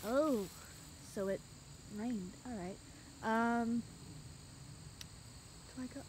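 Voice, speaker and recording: A fairly high-voiced young woman talks to a handheld camera as she walks outdoors, breathless and rambling. Wind and insects are clearly heard around her voice. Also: extremely slow, pauses often, low-quality recording. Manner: chatty and rambling, talking while walking. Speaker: vlogger. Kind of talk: casual walking vlog. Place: outdoors in woods and a rural field.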